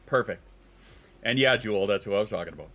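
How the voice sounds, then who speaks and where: A man's voice: fairly low pitch, lively intonation, fast talker, sharp tone. A man hosting a casual livestream, rambling and joking with plenty of profanity. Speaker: livestream host.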